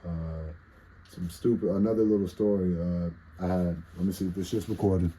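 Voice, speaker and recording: A man's voice: sits low, steady tone, brisk, dark tone, a little hiss or hum, rough recording. A congested man with a nasal voice, telling a rambling, profane story in a casual monologue. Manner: rambling, profane, self-interrupting. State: congested with allergies. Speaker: vlogger telling stories.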